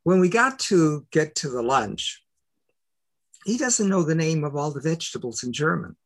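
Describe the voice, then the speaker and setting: An older man telling personal stories as an interview guest, emphatic and full of rhetorical questions, with a gravelly voice. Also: on the high side, expressive, normal speed. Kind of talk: animated personal storytelling.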